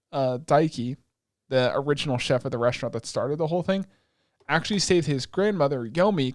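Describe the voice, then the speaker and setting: A man's voice: medium pitch, no echo, clean studio sound. A man co-hosting a podcast, casually retelling an anime plot with acted quotes and swearing. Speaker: podcast co-host. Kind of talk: casual chat.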